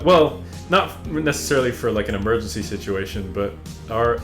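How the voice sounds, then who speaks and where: A young man in his twenties, co-hosting a podcast in a loose, unhurried chat. His pitch sits in a middle range, and he often stops and restarts a thought before laughing along. Soft music plays faintly underneath. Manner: relaxed and hesitant, lots of restarts and laughter. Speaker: podcast co-host.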